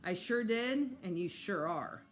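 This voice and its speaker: A woman's voice: mid-range voice, lively intonation, measured pace, close to an everyday voice. A woman voicing a blunt, teasing older brother in a storybook read-aloud. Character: sarcastic older brother, a schoolboy.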